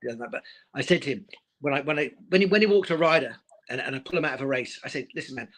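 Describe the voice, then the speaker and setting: A man's voice: mid-range voice, expressive, racing, a bit bright. A middle-aged man and former speedway rider in a casual live interview, talking emotionally and repeating his words.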